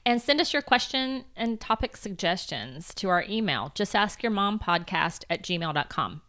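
A middle-aged woman co-hosting a parenting podcast, talking in a playful, animated way and laughing easily. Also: medium pitch, normal speed. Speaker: podcast co-host. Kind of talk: casual chat.

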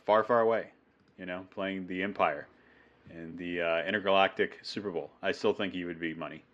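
A man's voice: deep voice, steady tone, dull audio. A man co-hosting a fantasy football show, chatting casually with a jokey, rambling manner. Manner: jokey, rambling, quick to riff. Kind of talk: casual sports chat.

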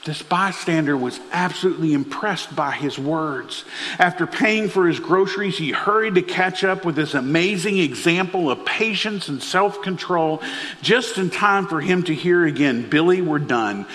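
A man's voice: a little high, expressive, moderate pace, a bit bright, long reverb tail. A man preaching a sermon, telling stories and asking the congregation questions. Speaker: pastor.

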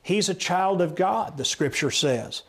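A man's voice: high voice, animated, measured pace, breathy edge. A man with a Texan accent preaching a sermon, emphatic, repeating phrases and restarting lines as he teaches from scripture. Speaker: pastor.

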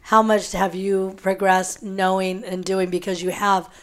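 A woman's voice: medium pitch, flat delivery, unhurried. A woman hosting an interview in a casual chat, asking questions with a playful, teasing manner. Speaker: interviewer host.

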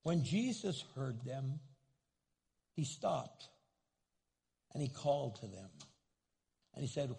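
A man's voice: medium pitch, animated, slow pace, gravelly, long pauses, mellow, breathy edge. A man preaching a sermon as pastor, telling stories with humor and building to a repeated, urgent appeal. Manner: storytelling, acts out quoted voices, joking then pleading. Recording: long hall reverb.

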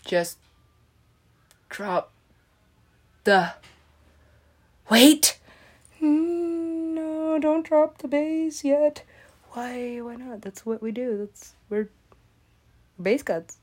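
A woman's voice: high voice, animated, very slow, long pauses. A woman rambling through a comedic commentary, swearing and giggling often.

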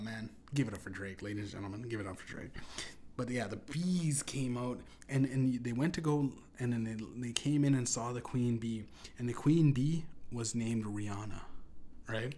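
A man hosting a comedy podcast, rambling through an absurd tall tale in a deadpan, profane way. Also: medium pitch, a little hiss or hum. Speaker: podcast host. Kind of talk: improvised comedic storytelling.

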